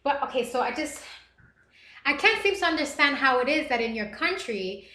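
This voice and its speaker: Bright emotional woman hosting a live stream. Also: sits high, expressive, normal speed, echoey room. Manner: emotional, earnest, reads chat messages aloud. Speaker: livestream host reading chat. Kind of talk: casual live-stream talk.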